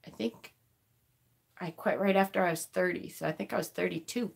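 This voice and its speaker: A woman's voice: lowish voice, a little fast, creaky, slightly rough. A woman in her forties chatting on a live stream, emotional and tearful, laughing and swearing often. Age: 40s. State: crying. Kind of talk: casual live-stream chat. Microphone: phone.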